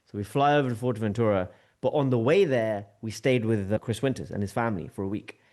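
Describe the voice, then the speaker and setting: A man's voice: on the low side, quick pace. Man telling a story. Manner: lively, acts out quoted dialogue with shifting tone. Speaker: podcast guest. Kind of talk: storytelling anecdote in conversation.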